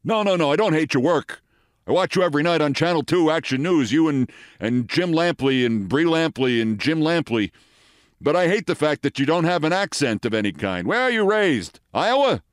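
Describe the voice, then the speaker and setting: Casting: a man playing a cranky old Brooklyn guy, gruff and blunt, voice pitched up from his own. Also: lively intonation, moderate pace, dry recording, clean studio sound, close to an everyday voice.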